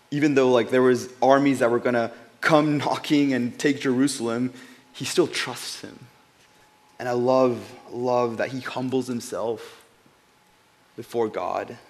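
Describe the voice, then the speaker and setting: A man giving an informal Bible devotional, earnest and conversational, often repeating words as he goes and dropping quiet at emotional points. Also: mid-range voice.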